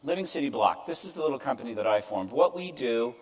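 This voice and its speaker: A man's voice: mid-range voice, lively intonation, fast talker, poor audio. Older man giving a chatty conference talk. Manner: conversational, self-deprecating asides. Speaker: keynote speaker. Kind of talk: conference presentation. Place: event stage before an audience.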